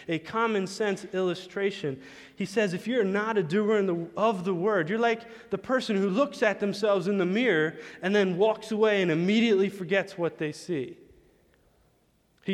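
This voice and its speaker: A man preaching a sermon, telling chatty stories about his young son and acting out the dialogue. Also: high-pitched. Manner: storytelling, chatty, acts out dialogue. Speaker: pastor. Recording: long hall reverb.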